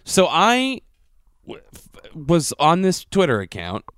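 A man's voice: on the high side, huge pitch swings, slow, a bit bright, clean tone, no echo. A man co-hosting a comedy podcast, telling stories in a wry, profane way. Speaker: podcast co-host. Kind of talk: casual comedic chat.

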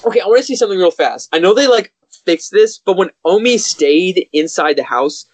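A young man on a podcast, chatting casually about a movie with quick asides. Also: sits high, animated. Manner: chatty, quick asides, laughs at plot holes. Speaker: podcast co-host. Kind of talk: casual movie review chat.

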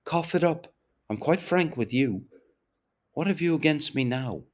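A man's voice: expressive, unhurried. A man doing brash mocking Buck Mulligan. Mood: impatient. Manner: teasing, brash, higher and livelier than the narration. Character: boisterous mocking young man, quick-tongued. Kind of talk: audiobook character voice.

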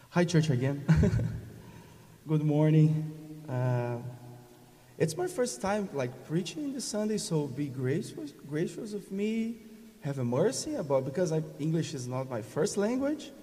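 A man from Brazil preaching a sermon in halting English with a Brazilian accent, often restarting phrases and calling for amens. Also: on the high side, very animated, dark tone, breathy edge, long reverb tail. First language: Portuguese. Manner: halting, many restarts, laughs often, invites call-and-response. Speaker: guest preacher.

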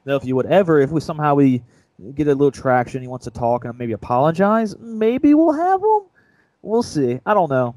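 A young man co-hosting a sports podcast, retelling a story in a rambling, self-mocking way. His voice sits at a middle pitch and sounds dry and close to the mic, with no room echo. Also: fast talker, a little mellow. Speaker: podcast co-host. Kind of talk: casual storytelling chat.

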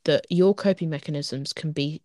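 Young woman, podcast co-host, lowish pitch, dry close sound, rambling filler-heavy chat. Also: normal speed, dark tone, no echo. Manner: rambling, restarting, full of "like" fillers and laughs. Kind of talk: casual chat.

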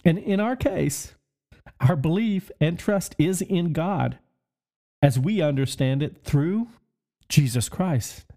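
A man preaching a podcast sermon, excitable, laughing often and asking his listeners questions. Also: fairly high pitch, slow pace.

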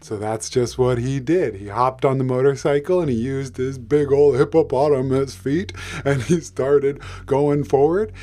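A man improvising a bedtime story, relaxed and playful, with sound effects and repetition. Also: mid-range voice, measured pace, few pauses.

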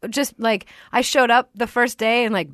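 A woman's voice: fairly high pitch, fairly even intonation, moderate pace, a bit bright, no echo, clean studio sound. A woman guest chatting on a podcast, telling stories and laughing often. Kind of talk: casual podcast chat.

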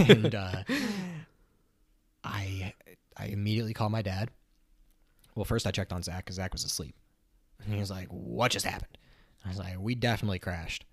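A young man co-hosting a podcast from a home kitchen, telling stories in a casual, animated way with laughs. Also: sits low, normal speed, long pauses, no echo, clean studio sound. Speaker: podcast co-host. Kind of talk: casual chat.

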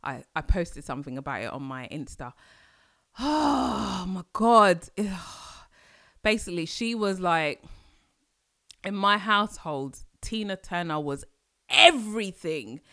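A woman from London with a London accent, hosting a casual solo podcast, chatty and animated with sudden exclamations. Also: fairly low pitch, unhurried. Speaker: podcast host.

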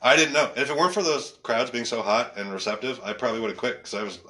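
A male stand-up comedian telling stories in casual chat, animated and laughing often, swearing freely. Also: medium pitch, quick pace. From Canada.

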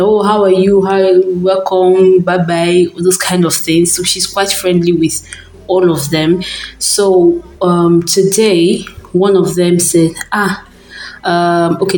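A young Nigerian woman with a lowish voice and a Nigerian accent talks casually into her voice diary, rambling through stories with frequent ums and asides. Her voice sits a little low for a woman. The room around her adds a noticeable echo. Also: a little mellow. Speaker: audio diary host.

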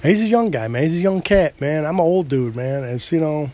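Here the upstate New York podcast host sounds animated, his pitch fairly high and his pace fairly quick, though the tone stays a little mellow. The middle-aged man is slightly buzzed after a few drinks, swearing and mocking himself through a loose, wandering solo episode.

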